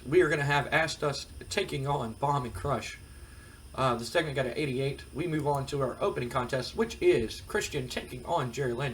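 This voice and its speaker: A man's voice: mid-range voice, a bit bright, slight background noise. A man hosting a let's-play, casually recapping what happens and slipping into quoted dialogue as he retells it. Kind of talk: casual game commentary.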